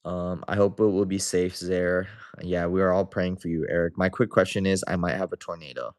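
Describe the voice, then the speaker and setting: A man's voice: deep voice, fairly even intonation, fairly quick. A young man hosting a livestream, casually reading viewer comments aloud and chatting back to them. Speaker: livestream host.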